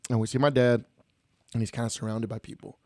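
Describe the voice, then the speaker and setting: A young adult man from Texas, a podcast guest, casually telling animated stories and slipping in Spanish phrases. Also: medium pitch, quick pace, no echo, clean studio sound. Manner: animated, laughing storyteller mixing in Spanish phrases. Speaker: podcast guest, mariachi musician. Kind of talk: casual storytelling chat.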